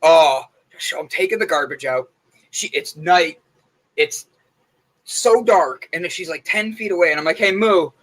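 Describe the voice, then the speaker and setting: A young man co-hosting a relaxed morning show, with a fairly high, bright voice. He tells stories at length in a loose, chatty way, packed with fillers. His tone stays lively and conversational. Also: measured pace, pauses often, poor audio. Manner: chatty storytelling, lots of fillers. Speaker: co-host. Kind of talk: casual morning show chat.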